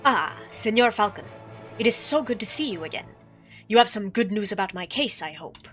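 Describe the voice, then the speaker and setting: A woman voicing a sly, smooth-talking male fox con artist in a game playthrough, theatrical and evasive. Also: medium pitch, expressive, normal speed, a bit bright, faint music behind, lightly acted. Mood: feigned courtesy. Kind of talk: reading game dialogue aloud.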